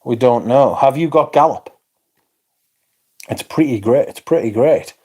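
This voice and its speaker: A man's voice: medium pitch, a little slow, mellow. A man hosting a casual livestream, chatting, swearing freely and reading out viewer comments. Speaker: livestream host reading chat.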